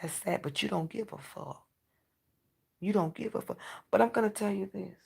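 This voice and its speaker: A woman's voice: medium pitch, normal speed, a little mellow. A woman in a casual vlog monologue, ranting and preaching with plenty of profanity. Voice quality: gravelly. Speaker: vlogger.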